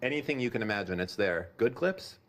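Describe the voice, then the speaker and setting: A man's voice: on the low side, animated, fairly quick, fairly bright tone, a little hiss or hum. A man bantering on a live stream, profane and mock-boastful. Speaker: stream co-host.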